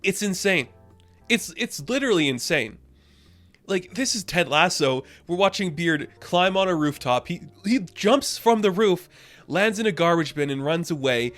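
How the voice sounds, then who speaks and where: A man talks through a TV episode in a loose, rambling recap, tossing in "like" and "you know" as he goes. He gets excited at the wild parts, and faint music plays underneath. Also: sits high, normal speed. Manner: excited, rambling, many fillers. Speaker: TV episode reviewer. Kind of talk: casual recap and review.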